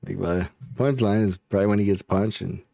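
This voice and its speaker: A man's voice: low-pitched, steady tone, brisk, vocal fry, warm tone, no room sound, studio quality. A man chatting casually as a podcast host, rambling, laughing often and swearing a lot. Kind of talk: casual chat.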